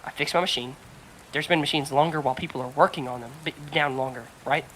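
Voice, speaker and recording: A woman co-hosting a podcast, telling a story in casual chat, animated and swearing a lot while acting out what others said. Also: low-pitched, quick pace, slight background noise, low-quality recording. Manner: animated storyteller, heavy swearing, acts out quotes. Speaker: podcast co-host.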